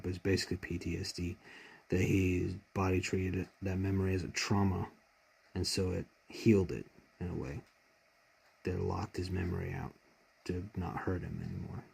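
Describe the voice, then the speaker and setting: A man with a deep, gravelly, husky voice retells a favorite TV episode, speaking fairly quickly in a darkish tone with little pitch movement. Slight background noise sits under his heartfelt, rambling fan commentary as he gets choked up with emotion.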